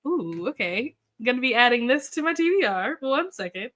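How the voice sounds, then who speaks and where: Chatty woman, bright higher voice. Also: sing-song, normal speed. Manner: chatty, upbeat, reacts to comments with ooh and okay; thinks aloud with fillers. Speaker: booktube livestream host. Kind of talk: casual live chat with viewers.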